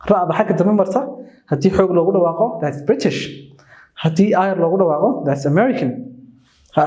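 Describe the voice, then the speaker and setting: High-voiced man teaching English pronunciation. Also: dark tone, reverberant, poor audio. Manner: switches between English and Somali, slows to model words. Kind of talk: bilingual language lesson.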